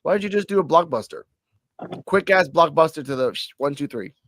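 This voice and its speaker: A man reviewing a wrestling show in casual podcast chat, swearing freely and animated. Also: fairly high pitch, a little fast, no room sound, studio quality. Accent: New York.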